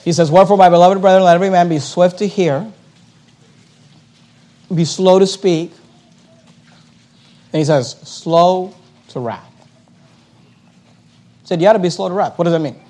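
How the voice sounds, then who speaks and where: With a notably high and mellow voice, a male pastor preaches a sermon, hammering his points through repetition and rhetorical questions. When he reaches scripture, he slows right down and reads the verses deliberately.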